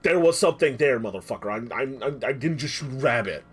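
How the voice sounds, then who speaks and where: A man voicing an angry, embarrassed man who shouts back at the friends mocking him. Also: medium pitch, expressive, fast talker, breathy edge. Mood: indignant.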